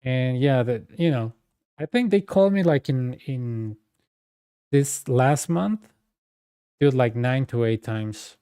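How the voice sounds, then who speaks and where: A man's voice: medium pitch, lively intonation, slow, long pauses, warm tone, clear, resonant tone, dry recording, clean studio sound. A young man whose first language is Spanish, a streamer casually telling a heated, exasperated story with some swearing. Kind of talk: casual chat.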